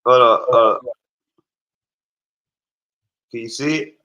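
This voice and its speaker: A man's voice: medium pitch, slow, roomy sound, dull audio, a crowd in the background. A man in casual chat, talking in a hyping, promotional way.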